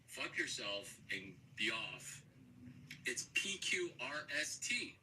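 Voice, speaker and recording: Man, very bright, jumpy rambling vlogger, profane and erratic, sits back from the mic. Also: medium pitch, big pitch swings, slow pace. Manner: erratic, jumpy, sudden loud outbursts. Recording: distant mic with faint background noise.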